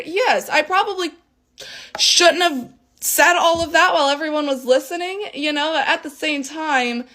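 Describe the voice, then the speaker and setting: A young woman telling a storytime tale in a casual, animated way, swearing freely and acting out the voices of people she quotes. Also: high voice. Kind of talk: storytime vlog.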